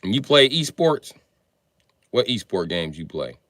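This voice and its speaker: A man's voice: on the low side, big pitch swings, unhurried, fairly bright tone, dry recording. A man in his forties chatting casually on a livestream, answering viewers with profane, slangy, joking banter. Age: 40s.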